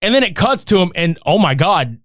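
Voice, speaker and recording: A man tells a movie's story in loose, profane chat, his pitch bouncing high and low as he acts out the characters. His voice sits a little high for a man and sounds close and dry. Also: a little fast, no room sound. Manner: animated, swearing, acts out characters' lines. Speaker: movie recap podcaster.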